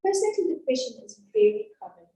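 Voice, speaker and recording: A woman's voice: very high-pitched, lively intonation, fast talker, dark tone. A woman teaching an antenatal class in a chatty, reassuring, down-to-earth way, in a classroom. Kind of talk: informal class talk. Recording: echoey room from a distance.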